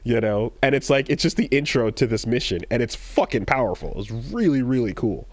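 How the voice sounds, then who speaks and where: A man's voice: medium pitch, expressive, fairly quick, no room sound. A man on a podcast, animatedly retelling a game story, acting out quoted lines in raised voices. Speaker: podcast co-host. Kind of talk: casual chat.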